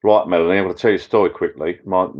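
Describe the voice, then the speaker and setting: A middle-aged man hosting a casual live chat with viewers from his backyard pub shed, rambling and getting easily excited. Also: low-pitched, rapid-fire. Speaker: channel host. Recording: dull lo-fi sound.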